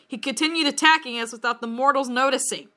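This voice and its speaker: A woman reading a bad story aloud in a mock-dramatic way, breaking into high laughing shrieks and comments. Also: fast talker, bright, forceful tone. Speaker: reader of bad fan fiction.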